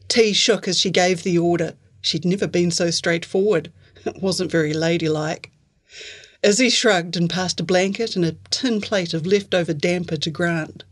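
A woman author reading a passage from her own novella aloud. Her delivery is even and clear, paced like a steady storyteller. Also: fairly low pitch, normal speed. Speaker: author reading their work. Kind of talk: fiction reading.

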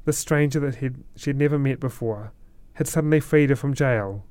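Man, storytelling narration, smooth resonant voice, dry close sound. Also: medium pitch, a little mellow, dry recording.

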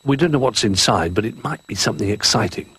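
A man's voice: fairly low pitch, expressive, quick pace, a bit bright, slightly rough, no room sound, exaggerated voice. A man reading the lines of a polite, timid toy rabbit in a storybook.

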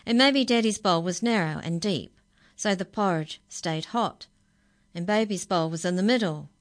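A woman reading a children's story aloud in a gentle, patient way. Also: lowish voice, moderate pace, no echo, studio quality.

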